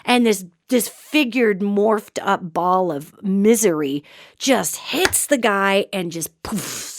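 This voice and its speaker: A woman hosting a show and telling a story in an animated, dramatic way, with sudden swings between loud and soft. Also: mid-range voice, no room sound, clean studio sound. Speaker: podcast host and psychic. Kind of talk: storytelling monologue.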